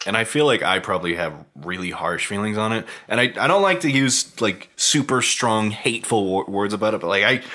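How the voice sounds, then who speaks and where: A man's voice: lowish voice, expressive, sharp tone. A man co-hosting a podcast, giving his frank opinion of a film in loose, slangy talk. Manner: quick, casual, slangy. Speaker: podcast co-host. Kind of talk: casual film review chat.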